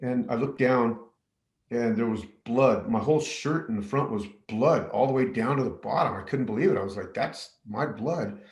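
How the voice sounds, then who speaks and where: A man's voice: mid-range voice, moderate pace, a little mellow. Man telling a story, echoey room. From New Mexico. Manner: hesitant, many fillers and restarts. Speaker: middle school special ed science teacher. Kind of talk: personal story told to camera.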